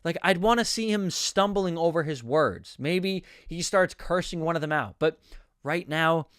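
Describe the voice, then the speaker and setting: Candid young man with a high, smooth voice. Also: a little slow, fairly bright tone, no echo, clean studio sound. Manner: candid, stammering restarts. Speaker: screenwriting coach. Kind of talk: screenplay critique.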